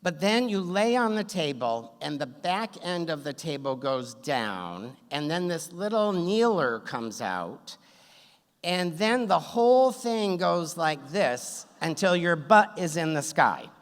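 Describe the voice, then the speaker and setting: A man's voice: fairly high pitch, sing-song, slow pace. A man telling a funny true story on stage at a story slam, wry and self-deprecating, with a good sense of timing. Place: stage in a theater hall. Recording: long hall reverb, on stage.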